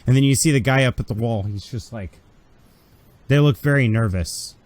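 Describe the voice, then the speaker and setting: A man's voice: medium pitch, normal speed, a little mellow, dry recording. Dry-voiced man running a tabletop game. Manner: casual, profane, acts out side characters. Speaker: game master.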